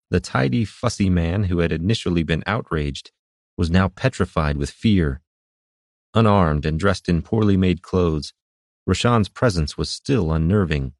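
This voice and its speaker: A man reading fantasy narration in a steady, measured way. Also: low voice, no room sound, studio quality. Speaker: audiobook narrator.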